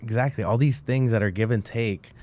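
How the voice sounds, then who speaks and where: A man's voice: mid-range voice, brisk, darkish tone. A man who is a business-owner guest in an interview, laid-back and agreeable, using slang. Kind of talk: casual interview talk.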